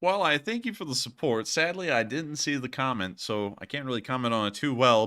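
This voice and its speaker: A man's voice: mid-range voice, lively intonation, brisk, hardly any pauses, sharp tone, smooth. A man hosting a live stream, chatting casually in a rambling, wry way with lots of fillers. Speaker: host of a war news live stream.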